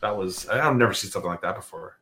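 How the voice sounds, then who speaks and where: A man's voice: on the low side, racing, sharp tone. A man co-hosting a casual wrestling podcast, laid-back and chuckling. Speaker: podcast co-host.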